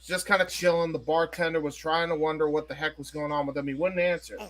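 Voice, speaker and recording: Man, casual watch-along chat, animated joke telling, high voice, bright tone. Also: fast. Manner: animated storytelling with restarts. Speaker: co-host of a wrestling watch-along.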